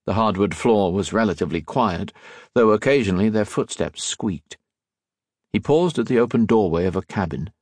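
In scripted audiobook narration, a man with a voice on the low side tells the story steadily and deliberately. It's a studio-quality recording with no room sound.

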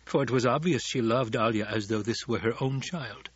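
A male audiobook narrator with a husky, slightly breathy voice at a middling pitch, reading calmly and evenly. The sound is dull and lo-fi, with a dry, close feel. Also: normal speed, no room sound. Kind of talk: scripted narration.

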